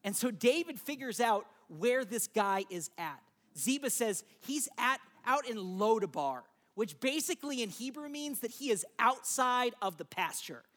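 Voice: medium pitch, lively intonation, moderate pace, fairly bright tone. Casual conversational preacher. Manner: casual, conversational storytelling with asides to listeners. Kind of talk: sermon.

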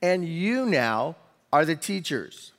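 A man preaching a sermon as a pastor, in a conversational way with quick asides and the odd restart. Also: fairly high pitch, sing-song. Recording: long hall reverb.

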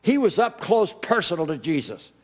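A man's voice: sits high, moderate pace. A middle-aged man preaching a sermon as pastor, emphatic and repeating key phrases. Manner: animated, emphatic preaching with repetitions.

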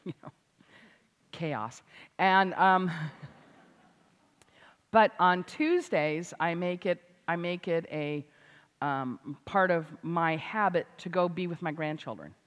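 Older lady preaching, gets loud and punchy, big echoey hall. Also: sits low. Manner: animated, rising to loud emphatic exclamations. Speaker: Christian speaker and author. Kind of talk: sermon. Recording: hall reverb.

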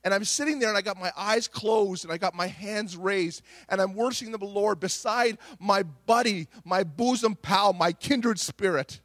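A man's voice: high-pitched, normal speed, hardly any pauses, a bit bright, dry recording. A middle-aged male pastor preaching a Pentecostal sermon with impassioned delivery, repeating words and restarting phrases as he tells a story.

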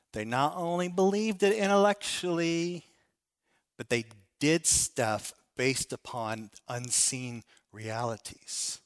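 A man with a fairly high voice delivers a sermon as a pastor. He leans on key phrases, slowing them down for weight, and briefly acts out imagined prayers in a raised voice. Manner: emphatic preaching, slows down for key phrases.

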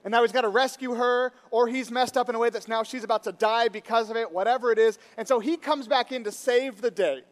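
A man preaching a sermon to his congregation, telling a story with lively, rising emphasis. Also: extremely high pitch, fast, few pauses. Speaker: pastor. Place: church sanctuary. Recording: reverberant hall.

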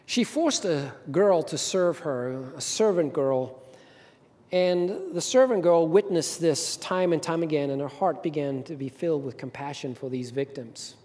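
A man's voice: fairly high pitch, a little slow. Man preaching a sermon in a reverberant church hall. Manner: storytelling, rising to emphatic peaks then dropping soft. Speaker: pastor. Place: church sanctuary.

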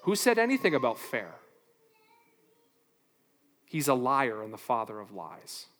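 A man preaching a sermon as pastor, animated, asking rhetorical questions and playing out little back-and-forth exchanges. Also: mid-range voice, unhurried, big-room sound.

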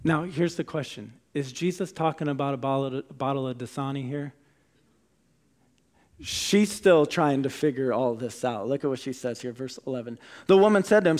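A man preaching a sermon as a pastor, deliberate, dropping to a hushed voice on key words. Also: mid-range voice.

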